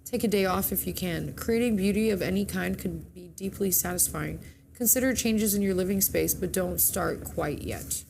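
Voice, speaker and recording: A woman's voice: on the low side, normal speed, gravelly, darkish tone, slight background noise. A woman co-hosting a morning show, casually reading the horoscopes and chatting, stumbling and correcting herself as she goes. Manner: chatty, reads with slips and self-corrections.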